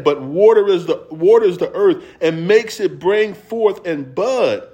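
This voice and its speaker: A middle-aged man preaching a sermon, moving between slow scripture reading and quick, folksy stories broken up by laughter. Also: high voice, lively intonation, dark tone. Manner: reads scripture slowly, then tells stories quickly and laughs; folksy and conversational with slang.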